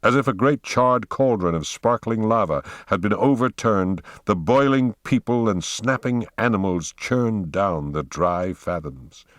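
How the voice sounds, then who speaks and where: Low-voiced slow male audiobook narrator. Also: no echo, studio quality. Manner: slow, dramatic reading. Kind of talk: scripted narration.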